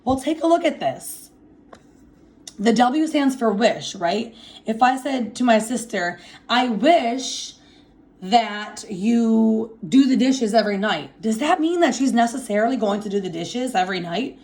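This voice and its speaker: A woman's voice: a little high, animated, darkish tone. Patient woman teaching at a whiteboard. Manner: slow and emphatic when reading example sentences; checks understanding with frequent "okay?". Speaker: Spanish teacher. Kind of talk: classroom lecture.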